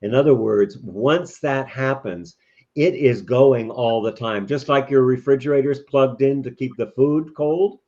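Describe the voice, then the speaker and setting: A man's voice: medium pitch, a little slow, darkish tone. Interview guest, male, reflective and explanatory, dull muffled recording. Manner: thoughtful, explanatory, many restarts. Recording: dull lo-fi audio.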